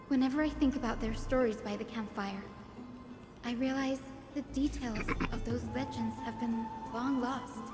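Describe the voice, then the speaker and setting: An earnest young sky-folk heroine. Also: female voice, sits high. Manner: calm, reflective, measured. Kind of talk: game voice acting. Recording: reverberant game audio with music.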